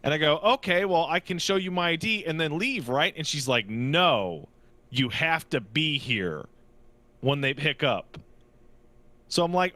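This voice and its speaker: A man's voice: a little high, lively intonation, moderate pace, sharp tone, dry recording. Exasperated man telling a comic rant. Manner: exasperated, acts out other people's lines. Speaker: podcast co-host. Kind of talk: comedic storytelling rant. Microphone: studio podcast mic.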